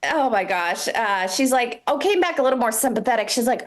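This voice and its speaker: A woman's voice: on the high side, lively intonation, fairly quick. A woman in her forties doing a live stand-up set on a comedy club stage, self-deprecating, laughing at her own jokes between frequent "um"s. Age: 40s.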